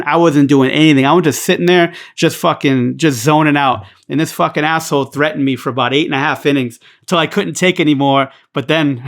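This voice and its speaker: A man's voice: on the high side, a bit bright. A man, a podcast guest telling a rambling, profanity-filled story in casual chat. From New York.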